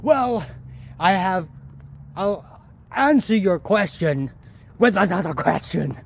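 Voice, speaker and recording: A grandiose detective, put on by a young man, announces himself in a loud, theatrical, booming voice. He pitches his voice above his usual level, lets it leap up and down, and stretches his words out slowly. Faint street ambience sits behind him. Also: expressive, creaky, a little hiss or hum, full character voice. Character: self-proclaimed grandiose male detective. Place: empty city street at night.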